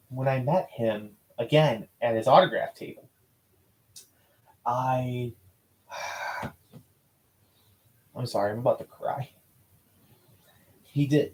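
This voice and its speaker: A man vlogs about his school newspaper interviews, telling personal stories in a casual, heartfelt way. He rambles, restarts often, and swears now and then. His voice is medium-pitched and a little mellow, captured in a low-quality recording.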